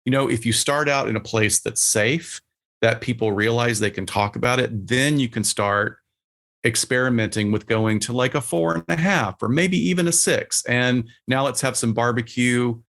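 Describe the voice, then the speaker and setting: A psychologist appearing as a podcast guest talks casually in a mid-range voice at a moderate pace. He's relaxed and plainspoken, acting out quotes as he explains things.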